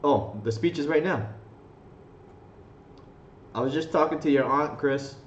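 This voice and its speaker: A man chats casually on a trading live stream, rambling and swearing with frequent laughs. His voice sits at a middle pitch. The recording is roomy, a bit dull, with faint noise behind. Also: unhurried. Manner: rambling, profane, laughs often. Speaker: trading livestream host.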